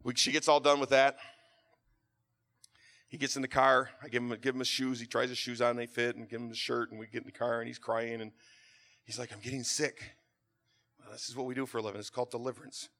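A middle-aged man preaching a sermon, telling a story and then building to a fervent, near-shouted exhortation. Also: mid-range voice, gravelly.

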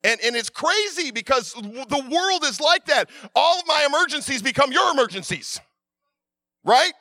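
High-voiced pastor preaching with bright energy. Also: male voice, very animated, normal speed, no echo, studio quality. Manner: storytelling with many restarts, swings from loud urging to quiet asides. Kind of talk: sermon.

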